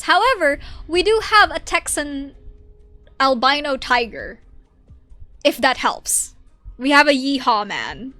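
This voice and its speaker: A woman's voice: high-pitched, sing-song, slow pace, pauses often, pushed and bright. A woman streaming live who chats with her chat in a casual, giggly way and laughs often. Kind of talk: casual live-stream chat while reading game dialogue. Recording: faint game music behind.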